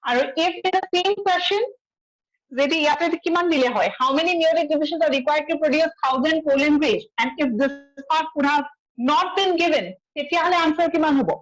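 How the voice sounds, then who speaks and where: Talking very fast in a high voice, this Assamese-accented woman teaches a biology class and blends Assamese with English. Her students get frequent check questions to confirm their answers, all captured on a rough recording.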